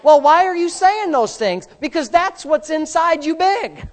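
A woman preaching a sermon, emphatic and repetitive, building to forceful peaks as she drives her point home. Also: extremely high pitch, lively intonation, measured pace.

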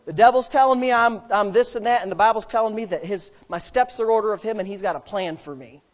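A middle-aged man, a pastor preaching a sermon that swells from plain storytelling into loud, emphatic declarations. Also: high-pitched, quick pace.

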